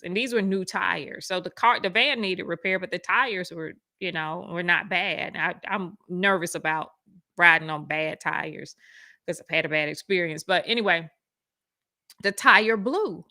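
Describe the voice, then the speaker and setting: A woman casually telling a personal story, animated and acting out the voices of the people in it. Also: measured pace, no echo. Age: adult with school-age kids. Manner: animated, acts out quoted voices with big pitch jumps. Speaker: speaker sharing a personal testimony.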